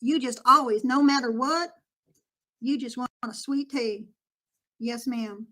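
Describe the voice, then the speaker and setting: A woman's voice: fairly high pitch, measured pace, bright, forceful tone. A woman doing a stammering fake-Southern poser. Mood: nervous. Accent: put-on Southern US. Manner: stammering, nervous, eager to fit in. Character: vain outsider in disguise, faking a Southern accent. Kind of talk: comedic role-play.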